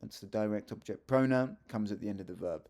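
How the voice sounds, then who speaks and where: This middle-aged Spanish teacher talks fast while explaining grammar on video, his low voice gravelly, fry-tinged and mellow. Easygoing and chatty, he corrects himself mid-sentence and drops in asides.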